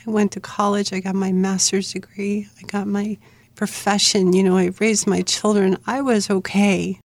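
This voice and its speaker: A middle-aged woman tells her own story as a guest in an interview. Her voice has a gravelly, fry-edged texture and stays in a narrow, even band of pitch. She speaks in an earnest, plain way, recorded close and dry. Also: normal speed, no room sound. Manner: earnest, plain-spoken, steady narration. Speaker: memoir author guest.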